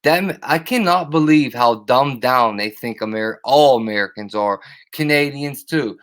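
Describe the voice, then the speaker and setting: A man running a live stream in a loose, profane rant that wanders from point to point. His voice sits at an ordinary middle pitch, and he keeps breaking off to call out to people in his chat. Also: normal speed, a bit bright. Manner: profane, rambling, greets chatters by name.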